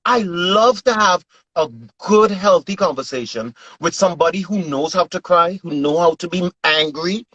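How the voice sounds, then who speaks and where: A man in an earnest, animated casual chat, often repeating himself. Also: high voice, normal speed, no room sound, highs cut off.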